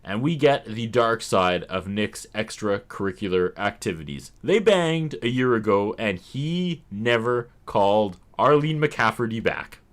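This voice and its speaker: Lively, laughing male podcast host. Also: fairly low pitch, unhurried, hardly any pauses. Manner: animated, laughs often, jokey. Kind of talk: casual chat.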